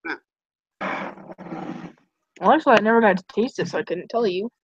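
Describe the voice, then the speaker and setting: A woman's voice: mid-range voice, animated, normal speed, breathy edge, no room sound. A young woman streaming, chatting casually in a rambling, giggly way. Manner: rambling, giggly, tells stories with acted quotes. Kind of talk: casual chat. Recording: dull, muffled stream audio.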